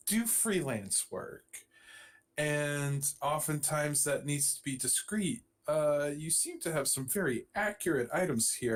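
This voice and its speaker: A man playing a smooth-talking discreet female freelancer. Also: fairly high pitch, lightly acted. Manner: polite, measured and a bit hesitant.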